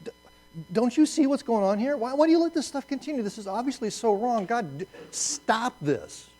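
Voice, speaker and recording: A man's voice: on the high side, very animated, a little fast, dark tone, faint music behind. A man voicing an exasperated male prophet who pleads with God and demands answers, his voice rising. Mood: pleading.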